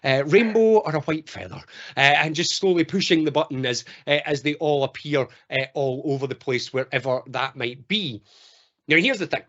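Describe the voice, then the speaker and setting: A Scottish man giving an online training talk as a mental health trainer, telling stories in an animated way. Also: medium pitch, moderate pace. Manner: animated storyteller. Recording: dull lo-fi call audio.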